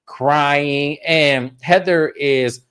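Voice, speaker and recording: A man hosting a casual reality TV recap, animated and blunt, swearing freely and acting out quotes. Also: drawn-out words, smooth, no room sound, clean studio sound. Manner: animated, acts out quotes in a high put-on voice.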